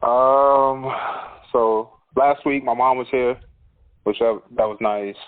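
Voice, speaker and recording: A man's voice: medium pitch, fairly even intonation, slow. A man, a school counselor, chatting as a guest on a podcast, laid-back and laughing often as he tells stories. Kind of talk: casual podcast chat. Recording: phone-like narrow sound.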